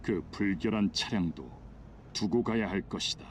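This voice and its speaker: A man's voice: on the low side, rapid-fire, breathy edge. A man voicing a zealous, threatening male inquisitor in a game, speaking in a solemn, commanding way. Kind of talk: game voice acting.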